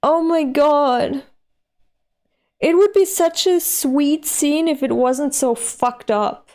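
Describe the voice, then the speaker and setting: A woman reading a manga aloud and reacting with expressive, animated commentary that jumps high when she is moved. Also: slow pace. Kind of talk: emotional read-along reaction.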